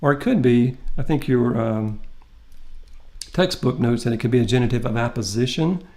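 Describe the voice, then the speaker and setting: A man's voice: medium pitch, a little mellow. A man teaching a recorded Greek lesson, working through the grammar step by step in a methodical, patient way. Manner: methodical, explains step by step with pauses. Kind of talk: recorded lecture walking through a text.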